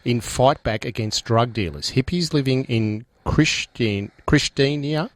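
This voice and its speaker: A man's voice: medium pitch, a little slow, no room sound. A man co-hosting a radio show, easygoing and chipping in with short replies and casual comments. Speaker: radio co-host. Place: radio studio.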